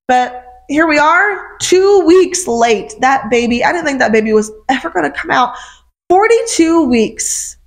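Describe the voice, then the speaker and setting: A young woman minister telling an earnest, emotional personal testimony, sermon-style, with frequent fillers. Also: sits high.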